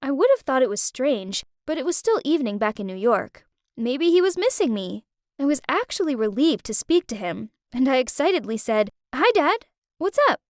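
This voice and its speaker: A young woman narrating an animated story in first person, chatty and breathless. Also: sits high, brisk, no echo, studio quality.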